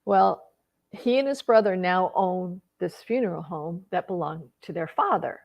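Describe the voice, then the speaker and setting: A middle-aged woman, a personal growth vlogger, tells a personal story conversationally, getting emotional and sometimes tearing up, with many restarts. Her low-leaning, expressive voice moves at a measured pace with vocal fry, in a muffled recording.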